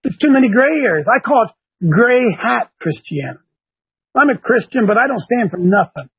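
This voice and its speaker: A man's voice: extremely high pitch, sing-song, normal speed, slightly rough. An older man from Ohio hosting a religious talk show, emphatic and repeating his points for effect. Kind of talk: preachy talk-show commentary. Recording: dull lo-fi sound.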